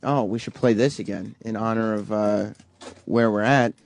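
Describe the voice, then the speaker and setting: A man's voice: lowish voice, steady tone, normal speed, vocal fry. A man co-hosting a morning radio show, in loose, crude banter, laughing often. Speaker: radio co-host. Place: radio studio.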